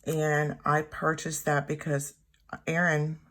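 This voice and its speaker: A woman in her thirties telling a personal story at home in a rambling, halting way, often correcting herself. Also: low voice, little pitch movement, a bit bright. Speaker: planner vlogger. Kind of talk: casual storytelling while journaling. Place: home room.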